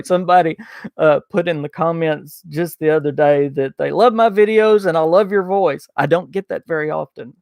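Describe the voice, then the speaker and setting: Gravelly Southern man hosting a gaming stream. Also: fairly high pitch, normal speed, no echo, studio quality. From Southern United States. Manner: folksy, chatty, loses his train of thought with many uh fillers. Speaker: podcast host. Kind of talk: casual livestream chat reading super chats.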